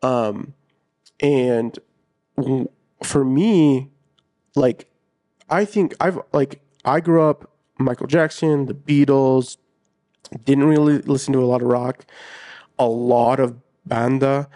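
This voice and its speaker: A man co-hosting a casual podcast, speaking in an easygoing, halting way. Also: medium pitch, dark tone, dry recording, studio quality. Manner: easygoing, halting, lots of fillers. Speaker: podcast co-host.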